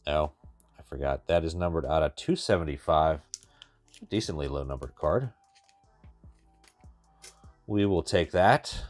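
A deep-voiced man talks his way through opening packs of cards in a loose, wry running commentary, half to himself and half to his viewers. Faint music sits underneath his voice. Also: a little slow, long pauses, no room sound. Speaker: card-breaking channel host. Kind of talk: casual pack-opening commentary.

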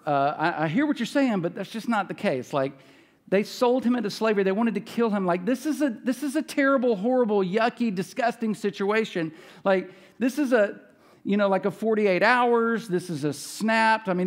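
A male pastor preaching a casual, conversational sermon, retelling scripture with folksy asides and quick self-corrections. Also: high voice. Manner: retells scripture casually, acts out characters' lines.

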